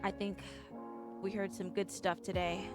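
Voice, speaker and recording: A woman's voice: mid-range voice, little pitch movement, unhurried, music in the background. A woman streaming live who chats with her viewers in a playful, teasing, giggly way. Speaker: vtuber streamer. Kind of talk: casual live-stream chat.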